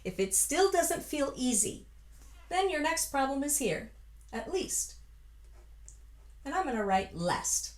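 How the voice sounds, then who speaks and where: A woman's voice: high voice, big pitch swings, takes it slowly, long pauses. A woman vocal coach from the United States giving a chatty, encouraging singing lesson, breaking into full-voiced sung examples.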